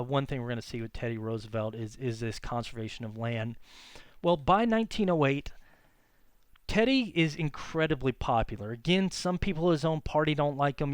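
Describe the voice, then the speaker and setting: Smooth-voiced man giving a casual lecture. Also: medium pitch, no echo. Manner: casual and conversational, many fillers and self-corrections. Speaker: history teacher. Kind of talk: classroom history lecture.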